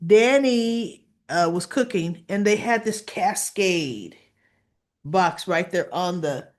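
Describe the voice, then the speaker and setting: A woman's voice: fairly low pitch, lively intonation, takes it slowly. A woman hosting a casual soap opera recap, retelling scenes and acting out the characters' lines in a chatty way. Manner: chatty, addresses viewers as y'all.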